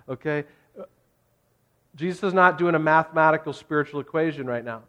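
Male pastor, casual and jokey sermon delivery, slightly high pitch. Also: fairly quick, sharp tone, dull audio. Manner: conversational, jokey, rising to emphatic.

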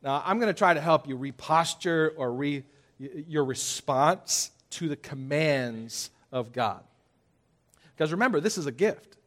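Male pastor, sermon, call-and-response with congregation, playful, slightly high voice. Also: measured pace. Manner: lively preaching, audience call-and-response, playful exaggeration.

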